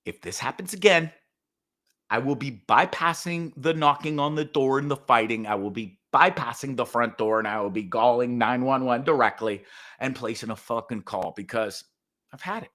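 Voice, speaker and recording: A man hosting his own show, telling a story in a profane, animated rant with sudden loud outbursts. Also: mid-range voice, normal speed. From Canada. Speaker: podcast host. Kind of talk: casual ranting monologue.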